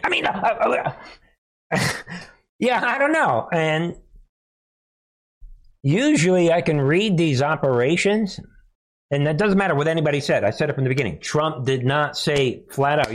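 A man hosting his own political commentary channel, talking casually to viewers, animated and chuckling often. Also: fairly high pitch, unhurried, pauses often.

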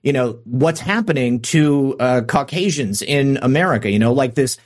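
Halting man in casual political chat. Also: mid-range voice, lively intonation. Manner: halting, many restarts and fillers.

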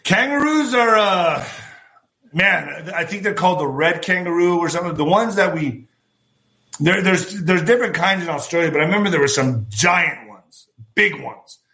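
A man with a forceful, bright voice sitting a little high for a man, telling stories in a loose, rambling way. He drifts between anecdote and news commentary, speaking right to his listeners as folks. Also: expressive, moderate pace. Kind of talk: casual storytelling and news commentary.

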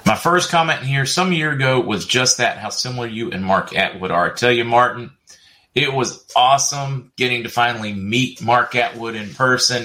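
A man's voice: mid-range voice, pushed and bright, slight background noise. A middle-aged man hosting a casual livestream, chatting and reading viewer comments aloud with frequent laughs. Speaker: livestream host.

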